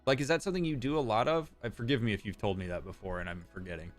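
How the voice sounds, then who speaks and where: A man's voice: fairly low pitch, rapid-fire, soft background music. A man, a therapist chatting casually on a live stream, reading out chat messages and joking with viewers. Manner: joking, reads chat messages aloud and replies.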